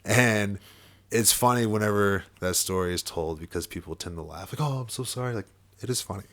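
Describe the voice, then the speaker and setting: Young man, very deep voice, casual storytelling, lots of likes and swearing. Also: fast talker. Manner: many fillers, swears freely, laughs while telling. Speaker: podcast guest.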